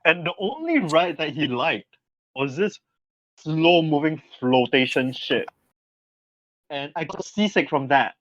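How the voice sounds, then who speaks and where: A young man, co-hosting a podcast in casual chat. He laughs often, swears freely and tells stories with animated energy. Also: fairly high pitch, takes it slowly, long pauses, no echo. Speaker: podcast co-host. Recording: dry, slightly dull podcast mic sound.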